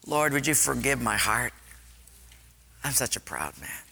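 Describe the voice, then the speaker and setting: A preacher voicing a proud army general, muttering and grumbling at first, then praying low and humbly. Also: male voice, fast, sharp tone. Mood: contrite.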